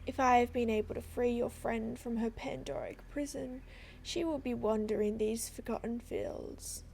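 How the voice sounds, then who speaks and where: A woman voicing an ancient, wise tree spirit in a game, speaking in a hushed, solemn way. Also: fairly high pitch, animated, normal speed, gravelly, slight background noise. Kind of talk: reading game dialogue aloud.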